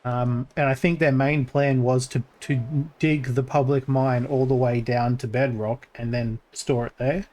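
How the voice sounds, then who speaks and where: A man's voice: flat delivery, unhurried, hardly any pauses, a little mellow. Rambling male game streamer. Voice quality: voice gets crackly when pushed deep. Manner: rambling, thinks aloud with many fillers and restarts. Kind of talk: casual gameplay commentary.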